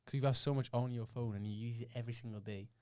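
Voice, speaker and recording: A man co-hosting a podcast, talking in an animated, slangy way with plenty of swearing. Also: medium pitch, very fast, clear, resonant tone, no echo, clean studio sound. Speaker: podcast co-host. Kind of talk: casual chat.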